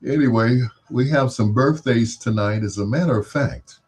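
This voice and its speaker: A man hosting a late-night love-songs radio show, joking and laughing between shout-outs and song intros. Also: medium pitch, normal speed, breathy edge. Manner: playful, laughing asides, mock-imitates other DJs.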